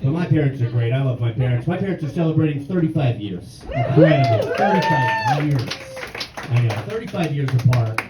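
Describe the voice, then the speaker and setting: A man's voice: medium pitch, expressive, fast talker, hardly any pauses, very noisy. A young man from New York doing a stand-up set, with a dry, self-deprecating delivery, to a laughing audience in a comedy club. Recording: echoey club, mic at a distance, crowd.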